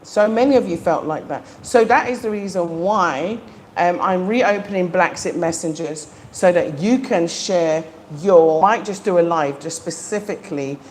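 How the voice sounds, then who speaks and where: A middle-aged woman chats with her live viewers in a loose, upbeat way, peppering her talk with ums. Her voice sits somewhat low for a woman. A faint hum of noise runs behind her. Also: unhurried, darkish tone. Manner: chatty and enthusiastic, frequent ums. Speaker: livestream host. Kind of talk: casual live chat to viewers. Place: home in the Gambia.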